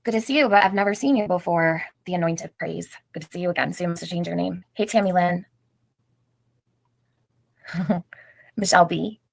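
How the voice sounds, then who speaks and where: A woman's voice: on the low side, normal speed, creaky, pauses often, rough recording. A middle-aged woman hosting a casual livestream, chatting, greeting viewers by name and laughing often. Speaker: livestream host.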